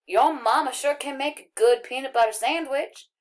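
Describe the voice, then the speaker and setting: A woman's voice: high voice, voice pushed up, natural voice. Woman doing a chatty Arkansas country boy. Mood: friendly, curious. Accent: rural Arkansas. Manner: folksy drawl, jabbering fast and eager. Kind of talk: audiobook reading.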